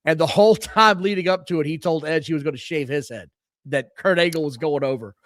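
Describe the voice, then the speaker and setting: A man's voice: on the high side, fairly quick, fairly bright tone, dry recording, clean studio sound. A man co-hosting a wrestling podcast, ranting with strong opinions in casual chat. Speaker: podcast co-host.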